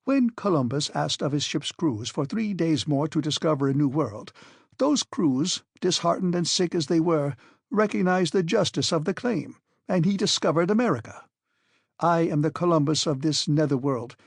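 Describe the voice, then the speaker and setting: A man's voice: on the high side, expressive, normal speed, gravelly, husky, dry recording, studio quality, heavily acted. A man voicing a stern, obstinate old professor. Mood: persuasive. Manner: forceful, commanding, scornful. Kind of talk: audiobook character reading.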